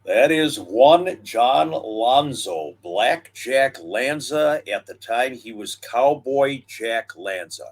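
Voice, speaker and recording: Older male podcast co-host, casual reminiscing delivery, unhurried with fillers. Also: mid-range voice, animated. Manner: storytelling, reminiscing, drawn-out pauses and fillers. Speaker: wrestling history podcast co-host. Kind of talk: casual historical chat.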